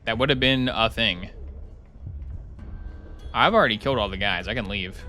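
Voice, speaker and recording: Male streamer, casual live chat, sarcastic and rambling, bright-toned voice. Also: on the low side, moderate pace, soft background music.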